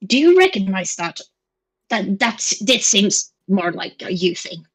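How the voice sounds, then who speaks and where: Brief: woman player, middle pitch, hesitant and inquisitive in casual role-play. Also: sing-song, unhurried, breathy edge.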